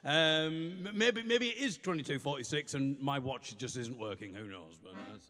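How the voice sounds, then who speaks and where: A man performing stand-up comedy at a live venue, trading deadpan, self-deprecating banter with the audience. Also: medium pitch, moderate pace. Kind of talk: stand-up comedy with comic songs. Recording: long reverb of a hall.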